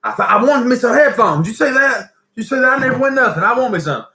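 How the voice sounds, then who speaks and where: A man voicing an excited young man with a Southern accent who badly wants some headphones. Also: fast, heavily acted. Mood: giddy. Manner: giddy, high-pitched. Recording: roomy echo.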